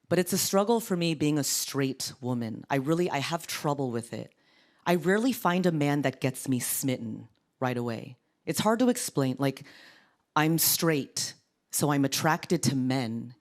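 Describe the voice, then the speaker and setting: Woman in her 30s doing stand-up, deep sultry voice, deadpan and self-mocking, audience laughing a bit behind her. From Orange County, California. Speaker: comedian. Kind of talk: stand-up comedy. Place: TV studio stage. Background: studio audience laughter.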